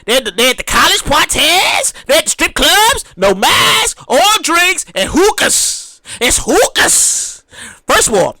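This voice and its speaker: A man's voice: extremely high pitch, no room sound. A man hosting a podcast, ranting in a casual, profane way and mimicking other people as he talks. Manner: animated, profane, mimics partygoers. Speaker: podcast host.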